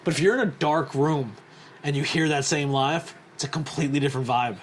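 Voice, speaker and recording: A man hosting a casual podcast chat, telling animated stories with lots of swearing. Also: fairly high pitch, a little fast, a little hiss or hum. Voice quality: swears a lot, animated storytelling. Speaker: podcast host.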